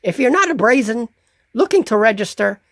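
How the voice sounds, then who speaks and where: A man voicing an excitable male goblin town guard who barks short, curt orders. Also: extremely high pitch, a little fast, creaky, dry recording, clean studio sound, pitched above the performer's own voice, exaggerated voice. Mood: excited.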